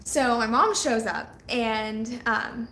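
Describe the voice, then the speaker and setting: A woman's voice: fairly high pitch, slow, pushed and bright. Young woman, casual live chat, chatty and giggly, faint background hiss, echoey room. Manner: chatty, laughs often while telling stories. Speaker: vlogger on a live hangout.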